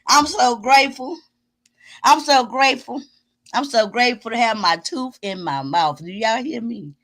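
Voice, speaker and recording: A woman hosting her own live stream, talking straight to her viewers in a loud, exclamatory and preachy way, whooping and cursing as she goes. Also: fairly high pitch, moderate pace.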